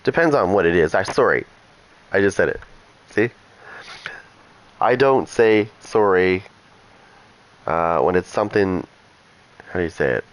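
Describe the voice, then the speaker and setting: Low-voiced man rambling over gameplay. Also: animated, measured pace, pauses often, poor audio. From Canada. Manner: rambling and chatty, trailing off into asides. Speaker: gaming streamer. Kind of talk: casual chat over gameplay.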